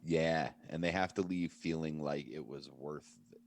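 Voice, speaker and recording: A man co-hosting a podcast in casual chat, blunt, opinionated and quick to swear. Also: a bass voice, fairly even intonation, slight background noise. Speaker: podcast co-host.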